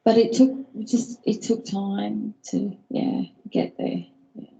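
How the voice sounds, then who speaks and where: A woman in a workshop group sharing her feelings hesitantly, with many pauses and ums. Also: mid-range voice, fairly even intonation, creaky, mellow, low-quality recording. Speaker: workshop participant.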